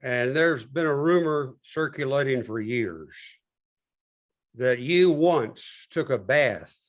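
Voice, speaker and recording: An older man hosting an interview, asking questions with unhurried, dry teasing. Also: medium pitch, expressive. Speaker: host and interviewer.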